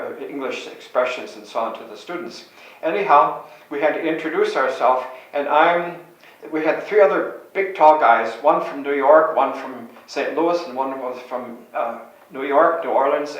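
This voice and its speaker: An older Catholic priest from Chicago, USA, reminisces through old anecdotes in a medium-pitched voice. He meanders and corrects himself as he tells his stories. The mic is far off in a very echoey room.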